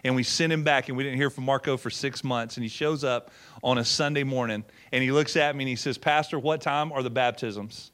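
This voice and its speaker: A man's voice: medium pitch, steady tone, a little fast, fairly bright tone. A middle-aged man, a pastor, telling a story in a sermon in a folksy way, acting out quotes and often repeating words. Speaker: pastor and former missionary.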